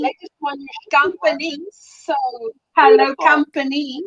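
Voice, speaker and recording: A woman's voice: moderate pace, lo-fi sound. A South African woman hosting a casual crochet livestream, chatty and gushing as she greets viewers. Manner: chatty, gushing, lively swings in pitch. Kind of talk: casual live chat.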